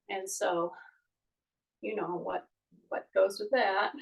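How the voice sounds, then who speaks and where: A woman's voice: medium pitch, creaky, husky. An older woman, a fitness instructor, leads a live online exercise class, repeating posture cues and teasing her students now and then. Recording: voice from a distance off the mic.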